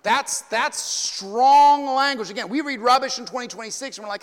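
High-voiced pastor preaching in a reverberant hall. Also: male voice, normal speed, hardly any pauses. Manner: animated, swinging between loud emphatic peaks and hushed asides; conversational, with repeated words and casual slang. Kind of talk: sermon.

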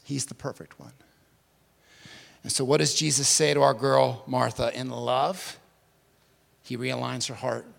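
A male pastor delivering an impassioned sermon at a church service, swinging from hushed to emphatic. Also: medium pitch, steady tone, unhurried, gravelly, long pauses, in a large hall.

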